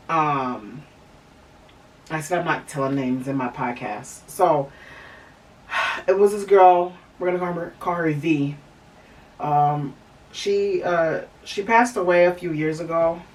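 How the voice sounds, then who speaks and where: A woman's voice: low-pitched, slow, long pauses, far from the mic, poor audio. A woman hosting a podcast, telling a candid personal story in a rambling way, with lots of fillers and restarts. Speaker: podcast host.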